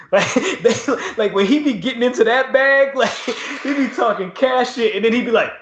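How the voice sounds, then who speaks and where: A man's voice: extremely high pitch, moderate pace. A man co-hosting a podcast, casually recapping wrestling with lots of slang and laughter. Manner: laughing, slangy, animated retelling. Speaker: podcast co-host. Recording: echoey room, dull lo-fi sound.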